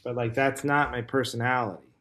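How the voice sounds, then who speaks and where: A man's voice: medium pitch, fairly even intonation, fairly quick, a bit bright. A man hosting a casual comedy podcast, rambling and joking with lots of fillers. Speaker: podcast host.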